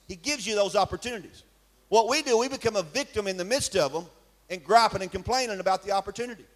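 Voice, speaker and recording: A man's voice: high-pitched, fast. A man preaching a sermon in a church, emphatic and firing rhetorical questions at his congregation. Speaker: pastor.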